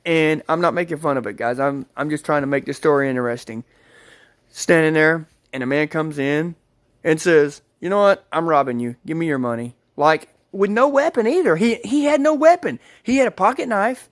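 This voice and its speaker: A man's voice: a little high, normal speed, dry recording, studio quality. A man telling a rambling story to his viewers, repeating himself and calling them guys. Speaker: vlogger. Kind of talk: casual storytelling to camera.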